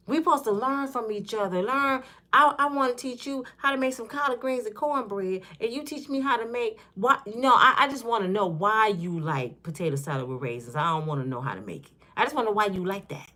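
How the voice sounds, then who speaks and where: A woman's voice: a little high, lively intonation, brisk, few pauses, sharp tone. A woman in her fifties hosting her own channel, talking in a casual, joking way and acting out little scenes as she goes. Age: 50s. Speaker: channel host. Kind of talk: casual commentary vlog.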